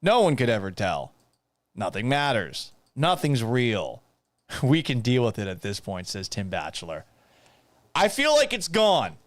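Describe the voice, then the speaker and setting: A man's voice: mid-range voice, wildly swooping pitch, measured pace. A man hosting a live sports talk stream, talking casually and reading out viewer comments, exasperated and swearing, and mocking himself. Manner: reads viewer comments aloud.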